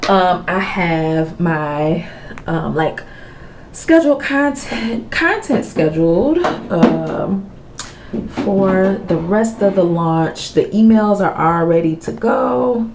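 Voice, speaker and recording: A woman's voice: on the low side, lively intonation, takes it slowly, noisy background. A woman in her thirties, chatting candidly at home to camera about her business launch with a Southern-style casual way of talking. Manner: chatty and candid, Southern slang, emotional and grateful. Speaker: small business owner vlogging a product launch. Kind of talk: casual vlog chat to camera.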